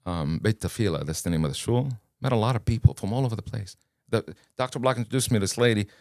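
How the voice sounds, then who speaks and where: His voice is lowish and quick as he shares his own story on a podcast, a man from Kuwait with Arabic as his first language. He's an animated, casual storyteller who performs the dialogue. The recording is clean studio audio without echo.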